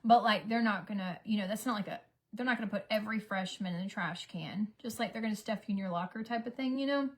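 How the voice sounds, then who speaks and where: A middle-aged woman telling a rambling, chatty story to her viewers in a casual vlog. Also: mid-range voice. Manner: chatty, rambling, quick to laugh. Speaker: vlogger.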